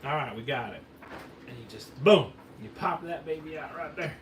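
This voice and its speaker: A man's voice: fairly high pitch, moderate pace. A man hosting a fireworks video in a put-on Southern drawl, folksy and joking as he rambles through a hands-on demo for a camera operator. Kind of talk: casual hands-on demonstration. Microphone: camera mic, filmed by a camera operator. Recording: roomy, distant camera audio with faint noise.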